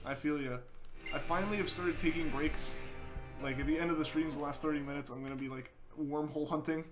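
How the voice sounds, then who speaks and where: A man's voice: fairly high pitch, fairly even intonation, a little fast. A young man streaming a game live, chatting casually and reading out viewer messages in an easygoing way with lots of fillers. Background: game music playing.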